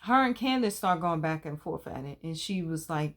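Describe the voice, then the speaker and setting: A woman's voice: on the low side, lively intonation, normal speed, few pauses. A woman in her thirties, hosting a casual recap of a TV episode, talking in a chatty, colloquial and opinionated way. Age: 30s.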